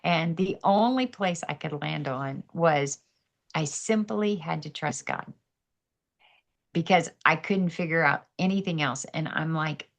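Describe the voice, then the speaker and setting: A middle-aged woman tells her personal testimony in an earnest, animated way, acting out her own inner dialogue. Her voice sits on the low side with a gravelly, creaky texture. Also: measured pace, muffled recording. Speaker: podcast guest sharing testimony.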